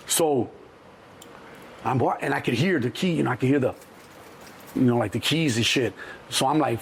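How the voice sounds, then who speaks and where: A middle-aged man, telling stories as an interview guest in a lively, profane way and acting out other people's voices. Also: fast, breathy edge. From Chicago. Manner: animated, acts out other people's voices in a higher pitch, profane. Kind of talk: storytelling in an interview.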